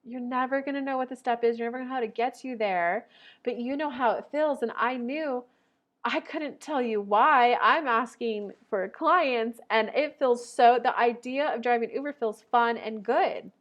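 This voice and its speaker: A woman in her thirties talking casually to her audience as a coach, chatty and animated, acting out what people said. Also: on the high side, normal speed, dull audio. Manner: chatty and animated, acts out quoted voices. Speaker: life and manifestation coach. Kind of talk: casual talking-head vlog.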